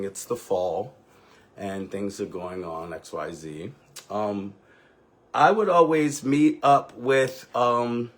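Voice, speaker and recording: Husky and fairly bright, his mid-range voice carries a sassy, dramatic delivery. He's a ballroom house mother recounting an emotional, candid and profane story during a live stream.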